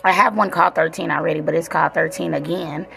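Gravelly-voiced woman vlogger. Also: low-pitched, fairly even intonation, fast, over music. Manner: heartfelt, rambling, many fillers. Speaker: vlogger, mother. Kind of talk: casual reflective vlog chat.

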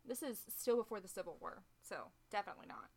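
A woman's voice: mid-range voice, animated, fast talker. A woman co-hosting a podcast, casually retelling a history story with joking asides and lots of "um" and "like". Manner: chatty, joking asides, frequent "um" and "like".

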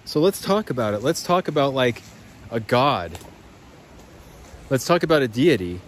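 A man in his twenties or thirties talks to his listeners as he walks outdoors by a creek, rambling and swearing freely. His voice sits at an ordinary middle pitch. A faint hiss of outdoor air runs under his words. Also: very animated, moderate pace. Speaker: podcast host. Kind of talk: rambling walk-and-talk monologue.

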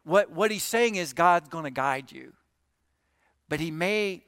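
A man with a high-pitched voice preaches an earnest, conversational sermon in a church, asking his listeners questions as he explains. The recording is dry and close, with no room echo. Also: expressive, measured pace, a bit bright, smooth. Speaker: pastor.

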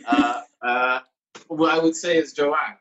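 A man's voice: fairly high pitch, takes it slowly, fairly bright tone, lo-fi sound. A man comedian on a video call, rambling and hesitant as he corrects himself mid-thought. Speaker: comedian panelist. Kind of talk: comedy panel show chat over video call.

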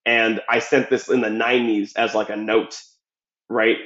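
A man's voice: fairly low pitch, flat delivery, moderate pace, fairly bright tone. A man in a casual monologue, talking bluntly and profanely, rambling with fillers. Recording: roomy, dull lo-fi sound.

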